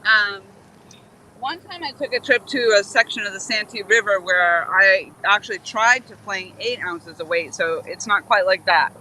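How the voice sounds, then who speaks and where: A woman's voice: medium pitch, normal speed, sharp tone, a little hiss or hum, poor audio. A woman hosting a live fishing stream outdoors by a river, chatting in a rambling, easygoing way. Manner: rambling, easygoing, laughs often. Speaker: livestream host fishing. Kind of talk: casual live-stream chat. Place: outdoors at a river boat dock.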